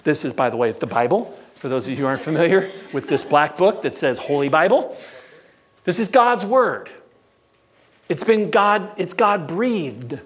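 A man preaching a sermon as pastor, stressing words by slowing down and asking the congregation rhetorical questions. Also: a little high, expressive, a bit bright.

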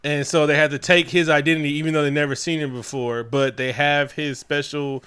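A man co-hosting a casual movie recap chat, animated and profane, acting out characters' lines. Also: a little high, fairly quick, smooth. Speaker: podcast co-host.

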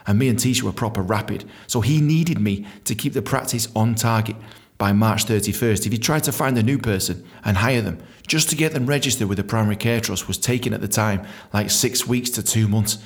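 A young man hosting a podcast, telling a story in an animated, swearing way and acting out other people's voices. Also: on the low side. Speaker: podcast host. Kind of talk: casual storytelling.

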